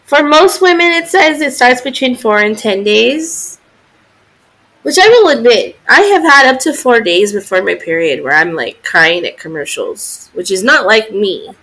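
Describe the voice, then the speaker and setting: A woman's voice: a little high, expressive, a little slow, fairly bright tone. A woman in her forties, co-hosting a podcast in casual chat, talking in a chatty, sympathetic way with many fillers. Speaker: podcast co-host.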